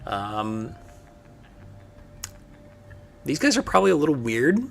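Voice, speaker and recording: A man narrating a tabletop game as game master, unhurried, with many filler ums. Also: mid-range voice, very animated, vocal fry, a bit bright, faint music behind.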